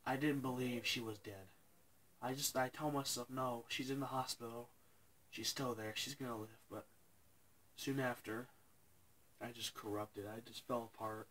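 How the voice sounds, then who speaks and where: A young man telling a painful personal story to his viewers, halting and tearful, pausing and restarting as he cries. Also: medium pitch, steady tone, fairly bright tone, rough recording. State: crying. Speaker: vlogger. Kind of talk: emotional personal story to camera.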